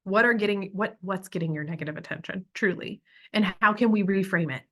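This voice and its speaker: A young American woman presenting a parenting workshop, chatty and upbeat, often slipping into quick acted-out voices of parents and children. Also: medium pitch, fairly bright tone, dull audio. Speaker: parent educator.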